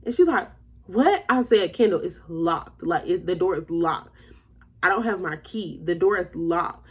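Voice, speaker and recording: A young woman vlogger telling a story in a casual, animated way, acting out the other people in it. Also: lowish voice, normal speed, slightly rough. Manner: animated, acts out quoted voices.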